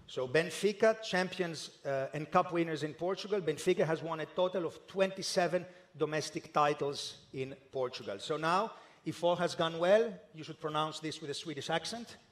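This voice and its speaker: A man presenting a live draw ceremony in a formal, measured way, with the occasional hesitation. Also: fairly high pitch. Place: indoor ceremony hall.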